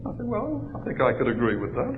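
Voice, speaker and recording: A male pastor telling a humorous personal story during a sermon, in a lively storytelling manner. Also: mid-range voice, fast, a little hiss or hum. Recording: dull lo-fi recording in a large reverberant hall.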